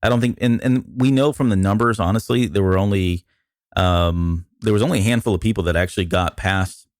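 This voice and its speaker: A man with a very low voice walks through a detailed explanation in casual podcast chat, restarting often. His voice is worn and hoarse, and the recording is dry and close. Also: a little fast, no room sound. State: losing his voice. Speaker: podcast co-host.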